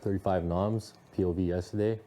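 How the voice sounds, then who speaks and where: Low, flat-voiced man counting days. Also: fairly quick, a little hiss or hum. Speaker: houseguest. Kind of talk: casual chat.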